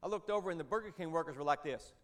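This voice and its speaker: A man's voice: fairly high pitch, very fast, fairly bright tone. Lay speaker, man, fifties, folksy storyteller with dry humor. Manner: conversational, folksy, with joking asides. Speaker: Christian businessman speaker. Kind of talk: storytelling church talk.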